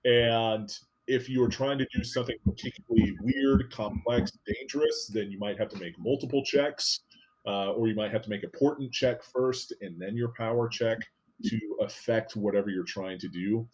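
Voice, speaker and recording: With a lowish, husky voice at a moderate pace, a man runs a tabletop RPG session as game master. He walks through the rules and narrates scenes casually, filling pauses often.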